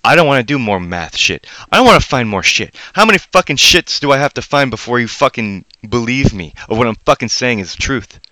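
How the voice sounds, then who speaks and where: A man hosting a live stream, ranting with heavy swearing, swinging between loud angry outbursts and low mutters. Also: big pitch swings, fairly quick, few pauses, no echo, poor audio. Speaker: livestream host. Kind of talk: profane live-stream rant.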